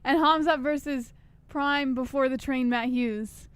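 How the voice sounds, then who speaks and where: A woman's voice: high voice, fairly even intonation, a little slow, fairly bright tone, smooth, no room sound. A woman with a New York accent co-hosting a casual livestream podcast, giggling and defending how she talks. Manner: giggly, defensive when teased. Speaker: podcast co-host.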